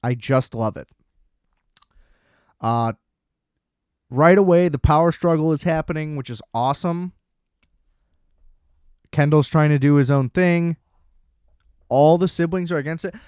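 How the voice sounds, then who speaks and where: A man talking alone into a close podcast mic, rambling and swearing with excitement. His voice sits a bit higher than most men's. The sound is dry and close, with little room around it. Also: a little slow, long pauses, smooth, dry recording. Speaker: podcast host. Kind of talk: casual solo podcast rant.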